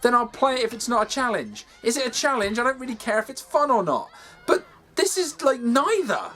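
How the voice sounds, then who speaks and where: A man's voice: very high-pitched, sing-song, fairly quick, bright, forceful tone. A man ranting in a sweary, exasperated way as he reviews a game over gameplay, from his games room at home. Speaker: gaming video host.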